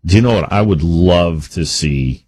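A man with a very low, husky voice talks hockey on a radio show. He is opinionated and lively, and he rushes his words when he gets worked up. The sound is dry and close, with no room echo. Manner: opinionated, animated, speeds up when making a point. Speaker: sports radio co-host. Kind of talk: casual sports talk.

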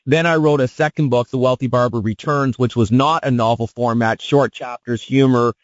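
A man, an author appearing as a radio guest, explaining his approach with animated enthusiasm. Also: mid-range voice, moderate pace, no room sound. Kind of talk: radio interview. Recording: dull lo-fi broadcast sound.

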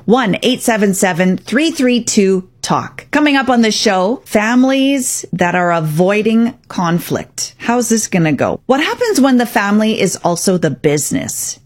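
A woman hosting a radio talk show, giving parenting advice in a firm, direct, coaching way. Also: mid-range voice.

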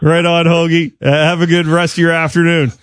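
A male radio host speaks into a studio mic, close and dry. He talks in an easygoing, unhurried way with a light teasing edge. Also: a little high, flat delivery, fairly bright tone, smooth, no room sound. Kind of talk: casual radio interview.

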